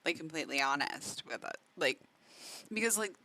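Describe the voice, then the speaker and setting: A woman streamer with a deep, animated voice chats casually while reacting to a video, talking at normal speed in a pushed, bright tone. She fills her speech with "like," laughs often, and sometimes talks with food in her mouth as she eats.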